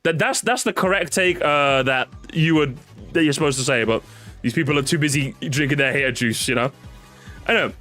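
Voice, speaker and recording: A man streaming and reacting to his chat in casual commentary, excitable, laughing often and swearing casually. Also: on the high side, a little fast, soft background music.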